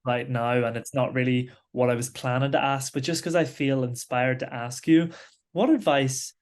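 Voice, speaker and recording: Interviewer asking stuff, curious and encouraging, mid pitch. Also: moderate pace. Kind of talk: casual interview conversation.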